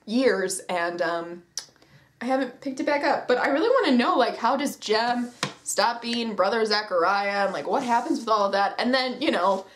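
A young woman chatting casually as a book vlogger, gushing and self-deprecating, with a lot of "like". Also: a little high. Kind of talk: casual chat.

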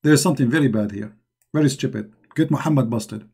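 A man's voice: medium pitch, quick pace, vocal fry, a little mellow, breathy edge. A man hosting a live online discussion, speaking in a mocking, emphatic and repetitive way, with non-native English grammar. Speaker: online debate host.

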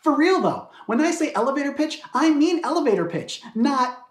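A man hosting a comedy video, giving a scripted monologue with a mock-salesman, deadpan delivery. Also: very high-pitched, moderate pace, echoey room.

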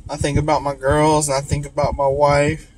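A man, talking in a halting, emotional, tearful way in a confessional vlog, full of restarts and apologies. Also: a little high, monotone, low-quality recording. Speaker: vlogger in recovery. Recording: outdoor recording with loud traffic noise.

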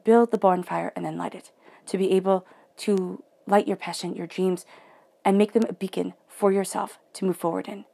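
A woman giving a guided tarot reading in a soft, emotional way, often dropping into near-whispers. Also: mid-range voice, fairly even intonation, moderate pace, gravelly. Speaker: tarot reader.

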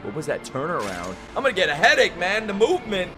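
A man hosting an anime reaction, talking excitedly and profanely, often bursting into shouts and laughter. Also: high voice, quick pace. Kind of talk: live anime reaction commentary. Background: anime soundtrack music.

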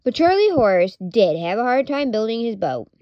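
A woman reading a children's picture book aloud in a clear storytelling manner. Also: fairly high pitch, very animated, moderate pace, no echo, dull audio. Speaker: storybook reader.

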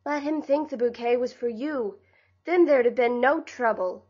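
A spoiled teenage girl from a storybook snaps back pertly in a high, sharp voice, put on by a woman narrator. She has a quick temper and a sulky edge. The audio is a bit muffled. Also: slightly rough. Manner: pert, snappish. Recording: slightly dull lo-fi audio.

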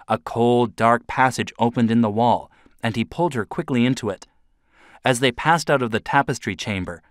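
A man narrating a children's story in a steady, clear storytelling manner, recorded close to the mic. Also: mid-range voice, dry recording.

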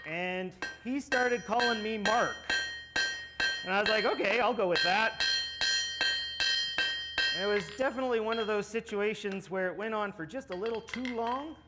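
A man's voice: high voice, very noisy. A man giving a live blacksmithing demonstration, joking and rambling with plenty of fillers. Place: smithing conference demo area.

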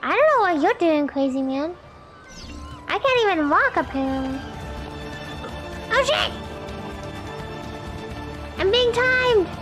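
A young woman with a very high voice plays a video game on stream, exclaiming, swearing and joking at the character. Faint game music plays behind her. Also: big pitch swings, takes it slowly, pauses often, a bit bright. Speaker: gaming streamer. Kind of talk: let's play commentary.

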